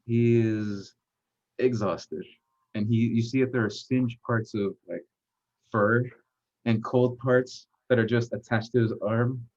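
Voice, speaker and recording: A man narrating as game master of a tabletop game, halting, with frequent pauses and fillers. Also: mid-range voice, fairly even intonation, darkish tone. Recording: dull lo-fi recording.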